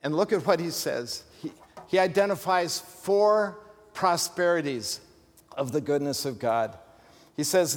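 A man's voice: fairly high pitch, animated, unhurried. Man preaching a sermon in a reverberant hall. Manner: conversational preaching with asides and humor. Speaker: pastor. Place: church sanctuary.

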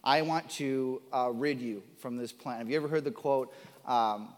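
A man's voice: medium pitch, normal speed, big-room sound. A man preaching a sermon as pastor, earnest and building to emphatic, repeated declarations. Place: church sanctuary.

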